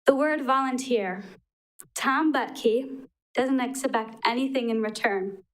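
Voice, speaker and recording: A woman's voice: on the high side, slow pace, low-quality recording. A young woman from Wisconsin reading an earnest prepared tribute at a council meeting podium microphone, a little emotional. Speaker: public commenter. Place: council chamber.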